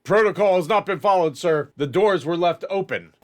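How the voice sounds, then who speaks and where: A man's voice: a little high, moderate pace, pushed and bright. A man voicing nervous male prison guards who report hurriedly and anxiously to their officer.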